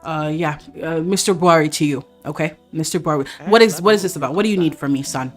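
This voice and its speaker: A woman voicing an indignant, wealthy older father and grandfather who turns sarcastic and shouts in outrage. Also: low-pitched, fast talker, soft background music, close to an everyday voice. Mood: defensive. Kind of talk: voicing game characters in a let's play.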